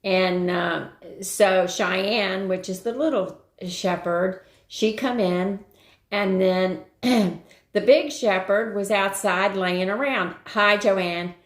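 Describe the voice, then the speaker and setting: A woman's voice: on the low side, creaky. An older woman hosting a live stream, telling a rambling everyday story in casual chat and greeting viewers along the way. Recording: roomy echo.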